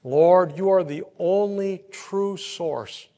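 A man preaching a sermon, telling everyday stories and swinging from soft, quiet passages to loud, emphatic peaks. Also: high voice, takes it slowly. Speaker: pastor. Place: church. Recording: long hall reverb.

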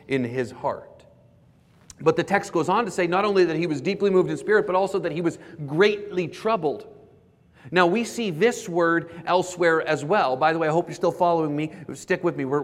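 An earnest male pastor preaching to his congregation, his voice pitched a little high for a man. He explains carefully and drops to a soft repeat on the words he wants to land. The sound carries the long reverb of a church hall. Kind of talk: sermon. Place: church sanctuary.

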